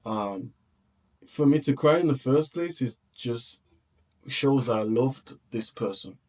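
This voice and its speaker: A man's voice: medium pitch, expressive, slow, darkish tone. Heartfelt man reacting to a clip. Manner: heartfelt, repeats himself, restarts often. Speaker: reaction video host. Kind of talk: reflective reaction commentary.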